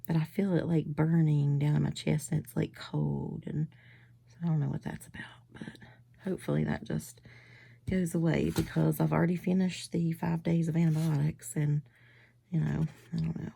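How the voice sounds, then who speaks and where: A woman chatting casually in a crafting vlog while she makes cards, still getting over a cold. She rambles and often drops into soft, half-whispered asides. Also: sits low, creaky, slightly rough, no echo. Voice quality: whiny-sounding. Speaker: crafting vlogger making cards.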